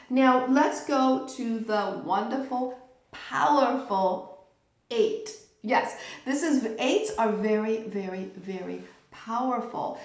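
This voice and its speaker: Chatty middle-aged woman teaching in an echoey room. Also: on the high side. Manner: chatty, checks in with "okay?" and "right?". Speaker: tarot teacher. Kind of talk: informal teaching talk.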